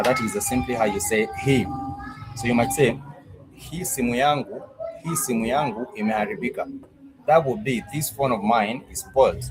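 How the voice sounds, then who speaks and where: A man teaching a language lesson online, patiently repeating each phrase slowly so learners can follow. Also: mid-range voice, low-quality recording. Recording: steady background noise.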